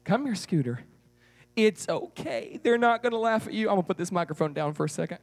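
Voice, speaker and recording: High-pitched guy telling kids a story at church, coaxing his puppet along, animated. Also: fairly quick. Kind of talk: kids' church puppet show.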